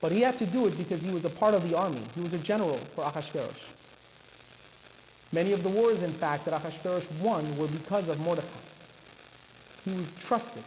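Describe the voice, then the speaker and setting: A man's voice: a little high, fairly quick, a little mellow. A man, a rabbi, telling a dramatic story in a sermon at a synagogue. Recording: reverberant hall, faint background noise.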